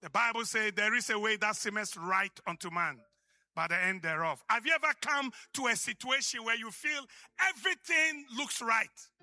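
A man with an African accent preaching a sermon as pastor, emphatic and rising to shouts. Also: high voice, moderate pace.

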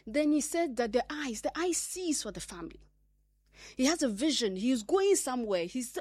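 A woman's voice: sits high, big pitch swings, normal speed, darkish tone, no room sound. A woman hosting a radio talk segment, delivering an earnest, emphatic monologue full of fillers and restarts. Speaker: radio host.

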